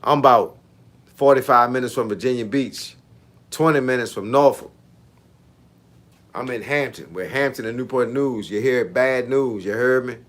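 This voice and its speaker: A man's voice: medium pitch, normal speed, pauses often, a bit bright. A man, a fitness coach chatting casually with viewers on a livestream in laid-back, slangy banter. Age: 50s.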